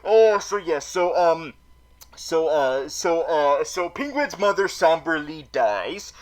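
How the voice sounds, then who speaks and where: A man's voice: on the high side, sing-song, slow, low-quality recording. A man playing a theatrical super villain who hosts a comedic recap vlog, stammering and repeating words as he goes. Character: theatrical male super villain vlogger, dramatic. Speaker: vlog host.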